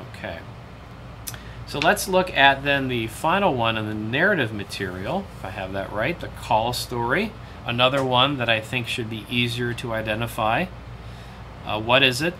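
A man's voice: fairly low pitch, sharp tone, a little hiss or hum. A man leading a church Bible study, talking in a loose, conversational way with many fillers and restarts.

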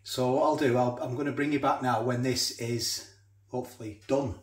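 A man's voice: medium pitch, fairly even intonation, moderate pace, reverberant, slight background noise. A man chatting casually as he cooks and tastes food in a home kitchen. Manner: chatty, talks while chewing, frequent restarts. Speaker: food reviewer. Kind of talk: casual food review vlog.

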